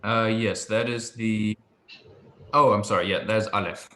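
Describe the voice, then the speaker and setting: A man patiently tutoring a student in Hebrew pronunciation, relaxed and a little hesitant, with many ums. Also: lowish voice, normal speed, slight background noise. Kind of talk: patient one-on-one language lesson. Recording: echoey room with faint ambience.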